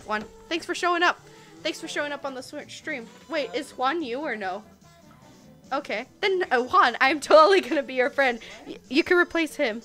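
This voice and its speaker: A woman's voice: high-pitched, lively intonation, moderate pace, a bit bright, faint music behind. A young woman with a Southern US accent, chatting and giggling casually through a live game stream. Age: young adult. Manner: chatty, giggly, easily sidetracked.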